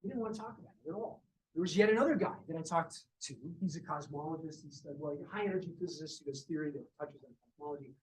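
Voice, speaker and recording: A man giving a university physics lecture, telling lively stories about his colleagues. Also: on the high side, fast. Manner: lively storytelling, acts out quoted colleagues. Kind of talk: university lecture with personal anecdotes. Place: lecture room. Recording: distant mic with faint background noise.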